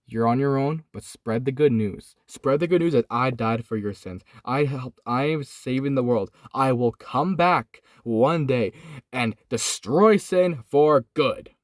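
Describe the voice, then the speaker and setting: A man voicing Jesus as a solemn, commanding adult man, speaking in slow, earnest pronouncements in a lowered voice. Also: no echo, studio quality, lightly acted. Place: inside a hot parked car.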